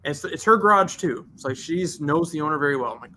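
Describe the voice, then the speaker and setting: This man runs a detailing shop and tells an extended tale on a podcast, playing both sides of the dialogue with lots of energy. He speaks quickly in a slightly high voice, and a faint hiss or hum runs through the audio.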